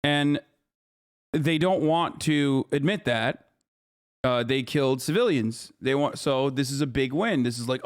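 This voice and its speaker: A man's voice: mid-range voice, unhurried, smooth, no echo, clean studio sound. A man streaming reactions to news clips, ranting in a casual, profane, sarcastic way. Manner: profane, sarcastic, animated rants.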